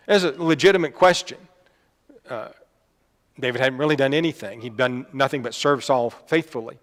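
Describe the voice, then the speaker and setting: A man's voice: medium pitch, moderate pace, fairly bright tone. Man preaching in an echoing hall. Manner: conversational, with fillers and asides. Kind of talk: sermon. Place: church hall. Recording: long reverb of a church hall.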